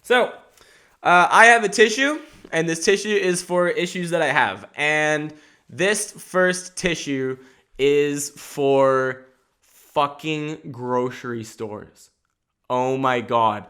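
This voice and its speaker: A man's voice: a little high, slow pace, clear, resonant tone. A young adult man hosting a podcast, riffing in a casual comedic monologue, rambling and swearing freely. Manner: animated, rambling, swears freely, self-mocking. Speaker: podcast host.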